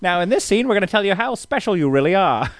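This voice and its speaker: A man's voice: sits high, sing-song, fast, no echo, voice pushed up. A man puts on a condescending old-school film producer who coaches his cast in a raised, pompous register. He lectures each line as if the actors need everything explained. It is recorded close and dry. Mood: patronizing. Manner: lecturing, patronizing. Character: patronizing old-school male Hollywood producer.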